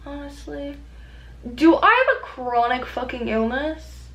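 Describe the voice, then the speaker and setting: Speaking a little high and a little slow, a young woman chats through her makeup vlog in a rambling, excitable way, swearing and using lots of fillers. The audio comes from a camera mic in her home.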